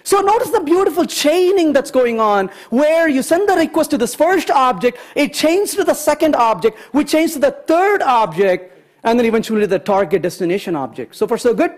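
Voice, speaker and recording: A man giving a conference programming talk, chatty and animated, often checking in with the audience. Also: very high-pitched, normal speed. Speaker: conference speaker. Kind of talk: technical talk with anecdotes.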